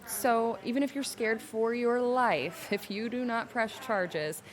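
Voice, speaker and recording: A young adult woman, a podcast guest telling her personal story candidly and emotionally, slowing down to hold back tears. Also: fairly high pitch. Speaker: podcast guest, salon owner.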